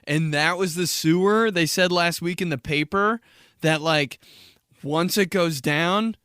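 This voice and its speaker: A man's voice: on the high side, unhurried, pushed and bright, clear, resonant tone, no echo, studio quality. A young man hosting a solo comedy podcast, rambling and swearing, laughing at himself and acting out dramatic reactions. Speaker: podcast host.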